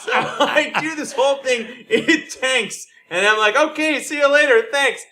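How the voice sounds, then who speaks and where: A man's voice: extremely high pitch, animated, normal speed, few pauses, heavy background noise. A man telling a rambling stand-up gig story on a comedy podcast, laughing often as he talks. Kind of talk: casual storytelling chat.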